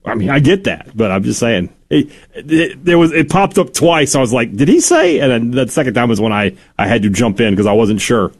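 A man's voice: medium pitch, lively intonation, fairly quick, slightly rough. A man co-hosting a sports talk radio show, bantering casually and emphatically, often laughing.

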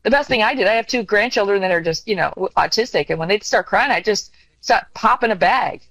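A woman's voice: mid-range voice, a little fast, no echo, rough recording. Earnest older woman giving parenting advice. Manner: earnest, animated storytelling with acted-out quotes. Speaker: guest. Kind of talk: conversational advice.

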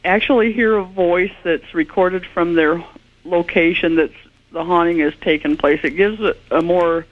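A woman's voice: lowish voice, normal speed. A woman investigating hauntings, a guest on a radio show, earnestly explaining her evidence. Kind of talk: radio interview. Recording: tinny phone line.

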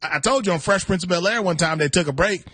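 A man co-hosting a sports talk show, chatting casually in an animated, emphatic and self-deprecating way. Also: high voice, fast talker, husky, no echo. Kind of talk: casual sports radio chat.

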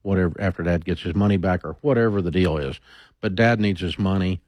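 This man has a very low voice and talks bluntly in a casual advice chat, often restarting as he thinks aloud. The sound is dry and close, with no room around it. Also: fairly quick, no room sound, highs cut off.

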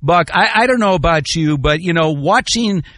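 A male radio host chatting casually about sports, animated and joking, his voice jumping up loudly at times. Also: fairly high pitch, normal speed, no room sound, studio quality. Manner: animated, jokey, swings to loud exclamations.

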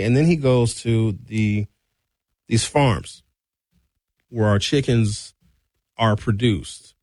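A middle-aged man from Wisconsin hosting a talk radio show, giving a blunt, sarcastic opinion monologue with sudden high outbursts. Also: no echo, clean studio sound.

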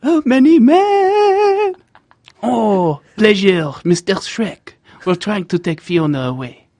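A man putting on a comic French Robin Hood voice, high and exaggerated, drawn out slow. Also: animated, slightly rough. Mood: mocking.

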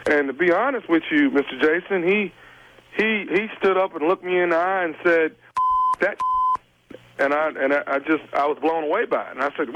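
A man's voice: a little high, a little fast, a bit bright, a little hiss or hum. A man making a prank phone call while posing as a caseworker, speaking in a stern, formal way and stalling with many fillers. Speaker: radio prank caller.

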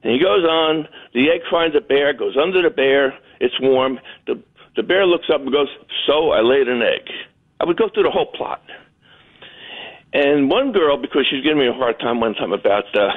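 A man's voice: medium pitch, lively intonation, moderate pace. A man calling in to a radio show, telling jokey stories and acting out voices. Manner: jokey storyteller, acts out voices. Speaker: caller. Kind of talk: phoned-in storytelling. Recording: tinny phone line.

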